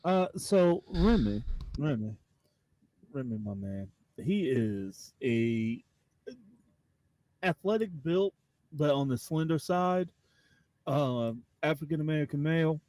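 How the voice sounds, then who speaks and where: A man's voice: fairly high pitch, lively intonation, takes it slowly, long pauses, a little mellow, no room sound. A man at a tabletop game describing his character in a rambling way, full of fillers.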